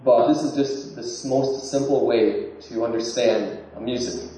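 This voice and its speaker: A man giving an informal talk, halting and repeating words as he explains. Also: mid-range voice, steady tone, dark tone. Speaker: lecturer. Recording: distant, muffled room recording with heavy echo.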